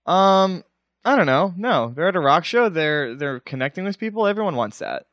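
Male host, lively voice a bit high, warmly reassuring callers with playful asides. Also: normal speed, no echo, dull audio. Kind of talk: casual call-in chat.

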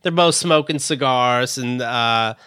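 A man with a bright, forceful voice at middle pitch chats on a podcast. He retells stories and jumps into imitations of the people involved. The recording is dry. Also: takes it slowly, smooth, dry recording. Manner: storytelling, mimics people with sudden high outbursts. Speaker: podcast co-host. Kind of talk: casual chat.

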